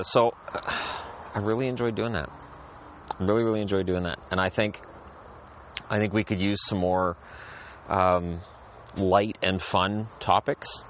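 A man with a lowish voice talks in a loose, rambling monologue, circling back over the same phrases. He sounds like he is outside in a backyard, with faint traffic somewhere in the background. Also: a bit bright. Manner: rambling, repeats phrases, restarts sentences. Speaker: podcast host. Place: outdoors in a backyard.

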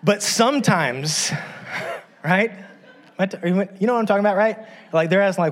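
A middle-aged man delivers a sermon in a relaxed, talky way. His voice sits a little high. He keeps turning to the listeners with quick asides and pokes fun at himself. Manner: conversational preaching with frequent "right?" asides and self-deprecating humor. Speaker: pastor.

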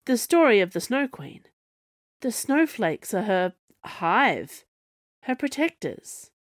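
A woman's voice: mid-range voice, very animated, slow, no room sound, clean studio sound. A woman reading as an earnest, unsure young man.

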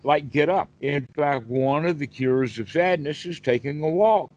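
A man's voice: fairly high pitch, unhurried, a little mellow, dull audio. A man, a Buddhist teacher, explaining patiently on a one-on-one call and asking rhetorical questions. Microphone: video call.

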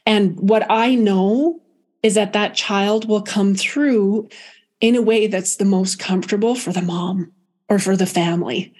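Woman guest, medium; soft, reflective, halting delivery with frequent restarts; mid-pitched voice. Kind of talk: emotional personal storytelling.

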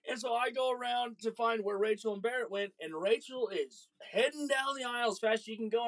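Father host, casual and animated, loves a comic anecdote. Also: extremely high pitch, quick pace, few pauses. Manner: animated, jokey, acts out voices in stories. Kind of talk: casual storytelling chat.

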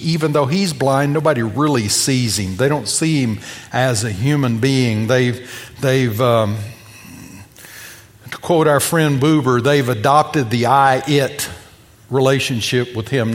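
A man preaching a sermon, animated as he tells a story, acting out the people in it. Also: mid-range voice, big-room sound. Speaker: pastor.

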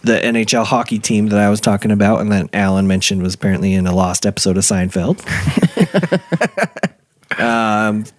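A man's voice: on the low side, normal speed, long pauses, no echo. A man hosting a casual podcast, explaining a topic step by step and laughing often at the banter. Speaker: podcast host presenting the topic. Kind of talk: casual chat.

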